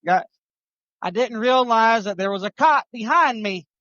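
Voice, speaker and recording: A man, a trucker co-host telling a road story on a live show, animated and restarting his sentences. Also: very high voice, unhurried, no echo, muffled recording.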